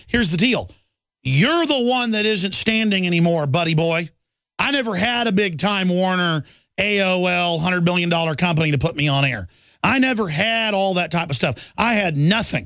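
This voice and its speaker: A man's voice: a little high, a bit bright, no room sound, studio quality. A man, hosting a talk radio show in a combative, taunting rant.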